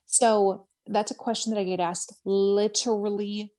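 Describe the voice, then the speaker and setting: A woman's voice: medium pitch, level tone, measured pace, dark tone. Interview guest: woman, Minnesota accent, earnest and chatty, laughs easily, mid-range voice, video call. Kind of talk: casual interview chat.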